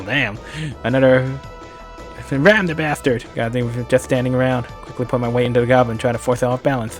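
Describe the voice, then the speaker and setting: Man reading a game aloud on stream. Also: mid-range voice. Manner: reads narration with casual asides and stumbles.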